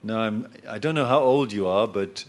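A middle-aged male preacher giving a sermon, telling the story in an animated way with jokes aimed at the listeners. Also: fairly low pitch, moderate pace.

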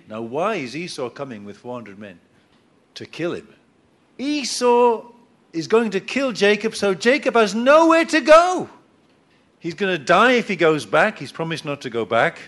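Animated male preacher telling a story. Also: a little high. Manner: animated, storytelling, jokes with the crowd. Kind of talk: sermon.

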